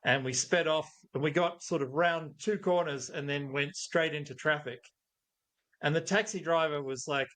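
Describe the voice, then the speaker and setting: Middle-aged guy, kinda high voice, telling stories in a thoughtful way. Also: moderate pace, a bit bright. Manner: thoughtful, anecdotal storytelling. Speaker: guest. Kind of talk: conversational interview.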